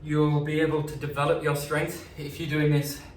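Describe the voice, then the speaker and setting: A man's voice: on the high side, little pitch movement, normal speed, a little hiss or hum. A man coaching a home leg workout, encouraging and casual, out of breath by the end. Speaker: fitness coach. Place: indoors at home. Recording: echoey room, mic at a distance.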